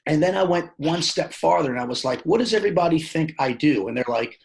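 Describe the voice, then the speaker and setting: A man's voice: a little high, fast, creaky, few pauses, low-quality recording. A man telling his own story as a podcast guest, loose and plainspoken, acting out the lines of the people in it. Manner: animated, acts out quoted dialogue; plainspoken, loose phrasing with restarts. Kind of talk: casual storytelling interview.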